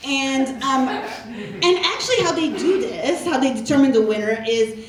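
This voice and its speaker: A woman's voice: high-pitched, animated, normal speed, far from the mic, a little hiss or hum. A woman performing a live stand-up character, a rambling, self-absorbed retail worker who keeps adding "okay?". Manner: rambling, repetitive, tacks on "okay?". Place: stage before a live audience. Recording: roomy live stage sound from afar with audience.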